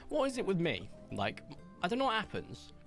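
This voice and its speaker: A man's voice: high-pitched, huge pitch swings, brisk, a bit bright, faint music behind. A young man from Somerset with a West Country accent, chatting casually and self-deprecatingly while streaming a game, his voice drifting between posh and broad. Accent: English West Country. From Somerset, England. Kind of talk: casual livestream chat.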